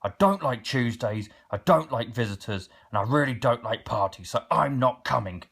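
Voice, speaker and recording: A man's voice: mid-range voice, lively intonation, normal speed, creaky, a bit bright, husky, full character voice. A man voicing a grumpy male troll who growls and bellows, in a storybook reading. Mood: grumbling.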